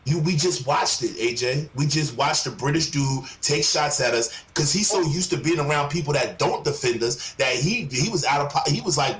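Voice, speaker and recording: A man's voice: a little high, normal speed, hardly any pauses. A man speaking as a panel guest, emphatic and profane, lecturing. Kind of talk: heated panel talk. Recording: roomy echo, faint background noise.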